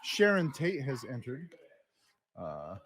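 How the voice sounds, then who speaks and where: Brief: man, middle pitch, teasing comment reader, lively intonation. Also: takes it slowly. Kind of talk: casual group chat on a livestream.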